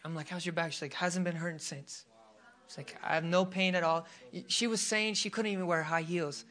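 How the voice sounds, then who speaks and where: A man's voice: high-pitched, fairly even intonation, brisk, a bit bright. A man preaching a sermon, telling a testimony in a casual way with fillers before turning fervent. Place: church service.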